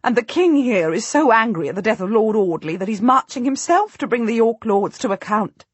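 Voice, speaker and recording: A woman's voice: a little high, animated, a little fast, breathy edge, no room sound. A woman reading the lines of an eager, urging warrior queen in an audiobook. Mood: joyful. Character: jubilant warrior queen, middle-aged woman.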